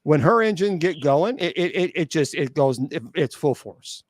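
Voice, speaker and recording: A man hosting a casual call-in chat as a bishop, telling stories in an animated way, repeating words and acting out quotes. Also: on the high side, moderate pace, no room sound. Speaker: bishop and show host.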